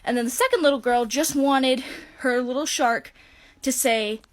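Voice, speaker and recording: A woman's voice: sits high, moderate pace. A woman who works in a toy store, telling amused stories about customers in a casual way to camera. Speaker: retail store employee.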